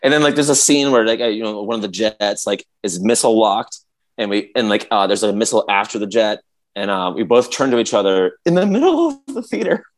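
A man chatting on a podcast in a low voice that swings widely as he gets into a story. He stumbles over restarts and fillers, then throws himself into acting out quotes and sound effects. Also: lively intonation, fairly quick. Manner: rambling with many restarts and fillers. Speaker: podcast co-host. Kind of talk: casual chat.

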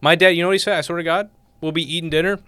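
A man's voice: a little high, steady tone, rapid-fire, pushed and bright, clear, resonant tone, dry recording. A man in casual, comedic podcast chat who rambles, restarts sentences and tells jokey stories. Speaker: podcast guest, future co-host.

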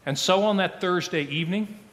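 A man preaching a sermon as pastor, reading slowly and solemnly, his phrases falling to a hush at the ends. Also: sits high, big-room sound. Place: church sanctuary.

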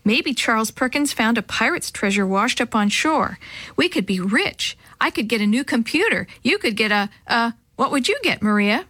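A woman voicing an eager, adventurous boy in a storybook reading, talking in a rush of excitement. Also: a little high, normal speed, dry recording. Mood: excited.

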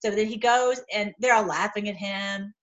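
A woman hosting an online video, retelling a story in an animated, emphatic way, often restarting her sentences. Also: mid-range voice, moderate pace, muffled recording. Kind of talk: casual storytelling talk.

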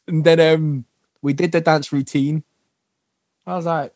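A man guest on a podcast, telling lively stories, acting out what people said and laughing often. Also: a little high, measured pace, dry recording. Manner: animated storyteller who acts out quotes and laughs often. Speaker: guest, dancer, singer and actor. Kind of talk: casual interview chat.

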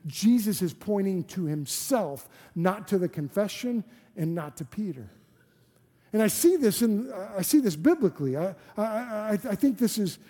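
High-voiced pastor preaching in a reverberant hall. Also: male voice, dark tone. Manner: earnest, repetitive restarts, rhetorical questions. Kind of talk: sermon.

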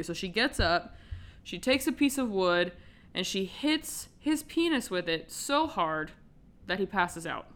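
A woman's voice: lowish voice, expressive, slow, fairly bright tone, clean tone. A woman hosting a podcast, casually retelling a film's plot with lots of swearing and filler words. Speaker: podcast host. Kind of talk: casual film recap.

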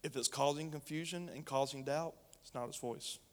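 Male preacher, fairly high voice, emphatic sermon delivery, long hall reverb. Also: normal speed. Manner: emphatic, reading scripture and preaching directly to the room.

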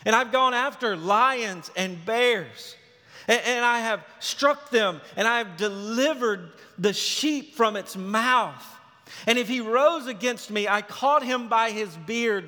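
A preacher puts on a bold young shepherd who boasts with emphasis in a high, bright voice. The sound rings in a reverberant hall. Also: male voice, lively intonation, a little slow, full character voice. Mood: boastful.

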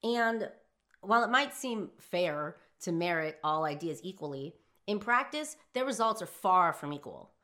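Low-voiced woman telling a heated personal story. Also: animated, measured pace. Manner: emphatic, profane, swings from hushed to shouting. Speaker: philosophy vlogger.

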